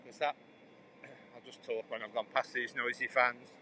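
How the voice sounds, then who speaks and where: A man's voice: medium pitch, little pitch movement, normal speed, bright, forceful tone. A man chatting in a rambling way to viewers as he walks outdoors along a cycle path, talking into a phone. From England. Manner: talks while walking. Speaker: livestreamer. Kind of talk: casual walking livestream chat. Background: passing traffic.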